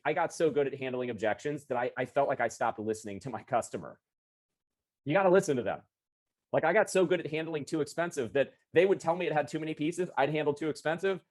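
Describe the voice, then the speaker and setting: A man running a live online sales training over a video call, talking in a chatty, energetic way and correcting himself as he goes. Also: medium pitch. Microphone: video call computer mic.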